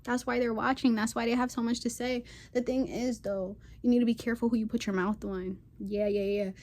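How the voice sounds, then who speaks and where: A woman's voice: a little high, level tone, fairly quick, darkish tone. A woman hosting a spiritual channel, ranting to camera in a sassy, defiant way with casual slang and emphatic repeated phrases. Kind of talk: impassioned unscripted rant to camera.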